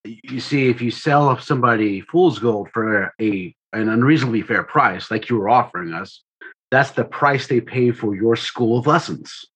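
A man's voice: medium pitch, moderate pace, fairly bright tone, slightly rough. A man playing a tabletop game, talking wryly and stammering at times. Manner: wry, stammering. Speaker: player. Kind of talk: casual tabletop game play.

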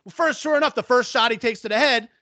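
A high-pitched man with a bright, forceful edge rants about football on a casual podcast. He talks bluntly and swears constantly. His voice sounds dry, close and clean. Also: fast talker, no echo. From New Orleans area. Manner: blunt, profane, ranting. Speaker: podcast co-host. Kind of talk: casual sports chat.

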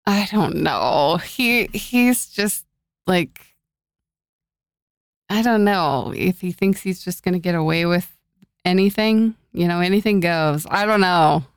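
A woman's voice: fairly low pitch, slow, clean tone, dry recording, studio quality. A woman co-hosting a casual talk show, chatty and agreeable, who laughs easily. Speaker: podcast co-host. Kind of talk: casual chat.

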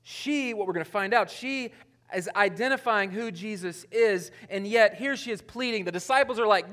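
A man preaching a conversational sermon, casual and chuckling, swinging between loud emphasis and quiet asides. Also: high-pitched, normal speed. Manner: casual, chuckling, self-interrupting with restarts. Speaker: pastor.

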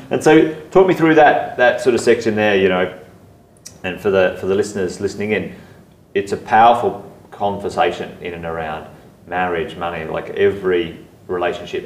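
A man's voice: low-pitched, a little hiss or hum. A man hosting a podcast interview, talking casually with many fillers. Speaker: podcast host. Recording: roomy sound, heard from a distance.

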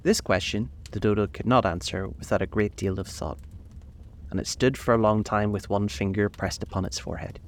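Gravelly man reading a storybook. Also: fairly low pitch, fairly even intonation, brisk. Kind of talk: storybook narration.

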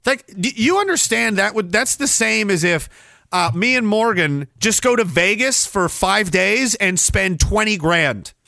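A man's voice: sits high, animated, a little slow, vocal fry, bright, forceful tone, no echo, clean studio sound. A man, ranting sarcastically and profanely on his livestream, rambling from one complaint to the next. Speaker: livestream host.

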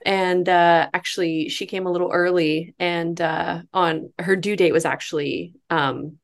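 A woman's voice: lowish voice, steady tone, a little slow, creaky. A young woman guest on a podcast, chatting in a friendly way and laughing often. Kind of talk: casual chat.

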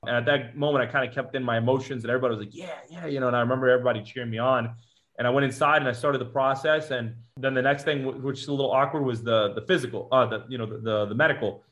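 A man's voice: medium pitch, racing, muffled recording. A man in his thirties, a police officer, telling a personal story with lots of quoted dialogue. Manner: animated retelling with quoted dialogue.

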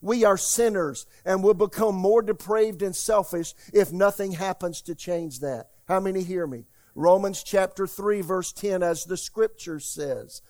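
A man preaching an Easter Sunday sermon as pastor, emphatic and calling out to the congregation, swinging from loud declarations to quiet asides. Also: high-pitched, measured pace, hardly any pauses. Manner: emphatic preaching, asks the congregation "How many hear me?".

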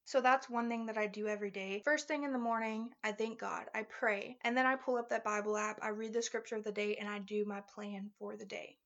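A woman's voice: mid-range voice, fairly even intonation, fairly quick, hardly any pauses, fairly bright tone, lo-fi sound. A woman hosting a faith podcast, talking in an earnest, encouraging and heartfelt way, ending in prayer. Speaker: podcast host.

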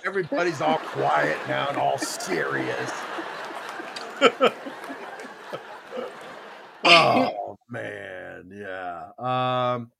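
Animated older man telling stories. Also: mid-range voice, slow, creaky, few pauses, background noise. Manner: animated, laughing, acts out voices in his stories. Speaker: podcast host. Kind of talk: casual storytelling chat.

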